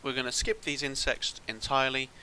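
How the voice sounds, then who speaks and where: A man talks through a game in loose, casual commentary. His voice is very bright and sharp, and he thinks aloud, circling back with restarts and hesitations. A faint hiss sits under the recording. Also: mid-range voice, fairly even intonation, a little fast, low-quality recording. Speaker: gaming channel host.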